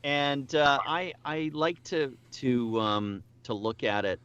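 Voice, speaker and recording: A man's voice: medium pitch, animated, takes it slowly, a bit bright, clean tone, lo-fi sound. A middle-aged man, a voice actor, chatting casually as an interview guest, with lots of restarts and self-deprecating asides.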